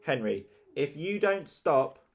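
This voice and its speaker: A man voicing a harassed mother who shouts at her children in a storybook. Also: fairly high pitch, very animated, slow, voice pushed up, full character voice. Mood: scolding. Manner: scolding, shouting.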